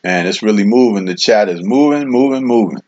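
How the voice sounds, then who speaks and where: This livestream host has a lowish, slightly mellow voice with lively intonation, and he talks fairly quickly. Relaxed and casual, he reads out viewer comments, peppering his speech with "man" and "you know"; the stream audio sounds dull and lo-fi.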